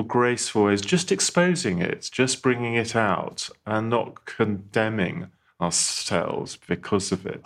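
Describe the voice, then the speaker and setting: A man offering earnest, gently pastoral advice in a reflective spiritual conversation. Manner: earnest, gently pastoral, rises in pitch when stressing a point.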